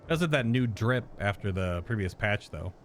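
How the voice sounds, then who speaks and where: A man's voice: on the low side, animated, moderate pace, a little hiss or hum. A man streaming a video game, giving a casual, rambling reaction commentary as he plays and laughing often.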